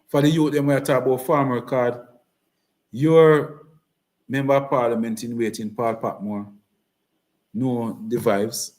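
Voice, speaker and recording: Speaking in a darkish, medium-pitched voice, this Jamaican-accented man gives a fervent campaign address. He repeats his points and drifts into patois as a political speaker.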